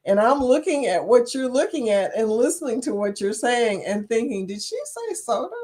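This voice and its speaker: A woman's voice: medium pitch, a little mellow. A middle-aged woman hosting a casual live chat, reading viewer comments aloud, chatty and silly and laughing often. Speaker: livestream host.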